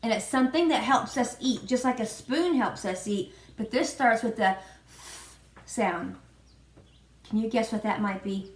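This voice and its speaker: Preschool teacher, female, unhurried sing-song delivery, roomy echo. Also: on the high side. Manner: slow, sing-song prompting with spelled-out letters. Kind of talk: children's virtual lesson. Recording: echoey room.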